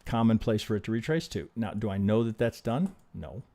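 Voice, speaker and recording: A man with a warm, fairly low voice teaches trading on a live stream, speaking animatedly and a little fast. He's casual and profane, working through charts by asking himself rhetorical questions.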